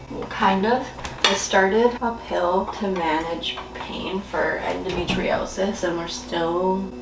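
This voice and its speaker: A young woman vlogs from her home kitchen, chatting casually, rambling, questioning herself and laughing often. Her voice is on the low side with vocal fry, and the roomy, distant recording is noisy with kitchen clatter.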